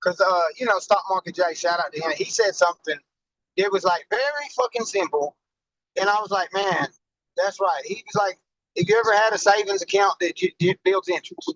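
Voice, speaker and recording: A man's voice: high-pitched, a little fast, fairly bright tone, a little hiss or hum, rough recording. A man in casual conversation, laid-back and a bit profane.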